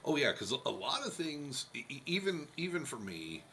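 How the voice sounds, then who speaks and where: Man, bright voice, lively pitch, joking co-host, faint hiss. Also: moderate pace. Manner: jokey, laughing, stammering restarts. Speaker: podcast co-host. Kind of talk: casual podcast chat.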